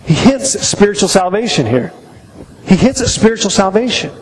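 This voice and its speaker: Middle-aged male pastor, high-pitched and halting in a sermon, recorded in an echoing church hall. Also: very animated. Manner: halting, repeats words while telling stories. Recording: long reverb in a hall, faint noise.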